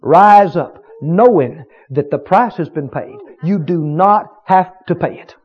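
A man preaching a fervent sermon, repeating short phrases and building to shouts before dropping low. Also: measured pace, breathy edge, dull audio.

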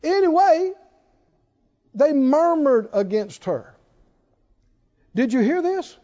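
A man with a strikingly high, mellow voice preaches a sermon in slow, drawn-out phrases. He presses his points with repeated rhetorical questions, and his pitch swings widely. The recording sounds dull and lo-fi. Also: sing-song.

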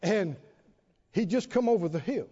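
A man's voice: high voice, animated, normal speed, warm tone, husky. A male pastor preaching a sermon to his congregation, telling a humorous story with animation and calling for responses. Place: church sanctuary with congregation. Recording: dull reverberant church recording.

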